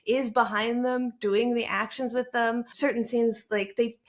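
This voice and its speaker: A woman's voice: a little high, little pitch movement, measured pace. A woman hosting a casual film discussion, sharing background trivia in a chatty, informative way. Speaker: host.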